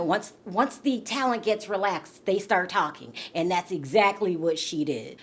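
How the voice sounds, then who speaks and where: With a slightly high voice, this Californian woman dishes celebrity gossip straight to her camera as a YouTube vlogger. Her talk is chatty and forceful, doubling up words for emphasis and frequently checking in with "okay?"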